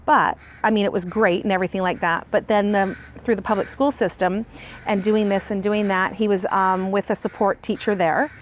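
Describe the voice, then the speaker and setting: A woman's voice: medium pitch, fairly even intonation, moderate pace, a little hiss or hum. A mother being interviewed for a documentary, talking through her son's schooling and getting emotional as she recalls it. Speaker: parent of a student.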